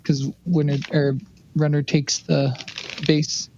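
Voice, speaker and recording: A man's voice: on the high side, level tone, slow pace, noisy background. Man, hesitant, apologetic, muffled laptop mic. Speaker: player. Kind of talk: casual tabletop chat.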